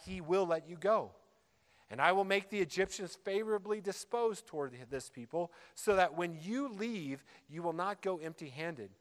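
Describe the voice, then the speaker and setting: A man preaching a sermon as a pastor, earnest and emphatic, repeating key phrases for weight. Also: high voice. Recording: long hall reverb.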